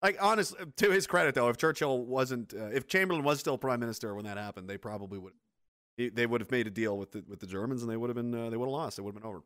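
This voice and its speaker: A man in casual podcast chat, rambling and animated, swearing freely as he rants. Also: medium pitch, fast, no echo, clean studio sound. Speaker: podcast co-host.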